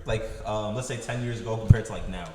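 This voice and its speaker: An actor chatting casually, relaxed and slangy, often agreeing with the others. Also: male voice, fairly low pitch, fast talker, reverberant, a little hiss or hum. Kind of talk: casual round-table chat.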